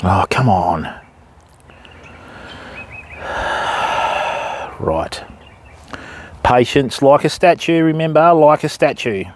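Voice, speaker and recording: A man's voice: sing-song, very slow, pauses often, slight background noise. An Australian man chatting on a live fishing stream, talking to his viewers and to dogs outdoors by the water. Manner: chatty, calls dogs in a high sing-song voice.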